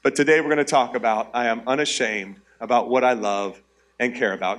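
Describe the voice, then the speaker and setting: A man's voice: medium pitch, steady tone, brisk, a bit bright. A man in his forties preaching a sermon in a church, conversational and humorous, calling out to the congregation. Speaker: pastor. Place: church auditorium.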